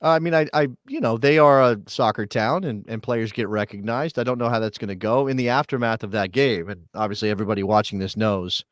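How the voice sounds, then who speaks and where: A man's voice: on the low side, a little fast, hardly any pauses, no room sound, studio quality. A man hosting a live sports talk show, chatty and joking, with many fillers and restarts. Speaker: podcast host.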